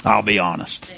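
A man's voice: lowish voice, vocal fry, a bit bright. A man preaching a sermon as pastor, exuberant and repetitive, often laughing.

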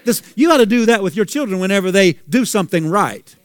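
A man's voice: sits high, expressive, fast talker, no echo. A male pastor preaching a sermon, asking the congregation questions and repeating phrases for emphasis.

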